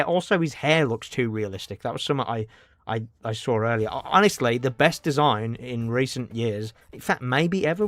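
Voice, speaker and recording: A man's voice: medium pitch, no room sound. A man chatting casually on a game livestream, rambling and answering his chat. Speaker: game streamer.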